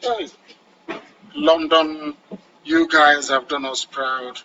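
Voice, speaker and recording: Heard through a rough recording, a Nigerian-accented man speaks on the radio very slowly, pausing often, in a fairly high, sharp voice with fairly even intonation. His address is impassioned, commanding, and fervent, with phrases repeated for emphasis.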